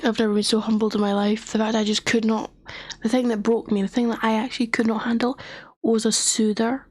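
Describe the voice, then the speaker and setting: Her throat sore and her voice worn, a young woman chats casually on stream, briskly and animatedly recounting a story in a fairly high voice. She frequently sinks into a whisper, and there's no room sound.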